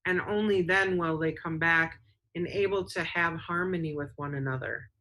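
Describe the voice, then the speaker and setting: Female co-host, earnest, low pitch, bright sharp tone. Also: moderate pace, rough recording. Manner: earnest, reads out viewer comments. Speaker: show co-host. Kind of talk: casual advice talk.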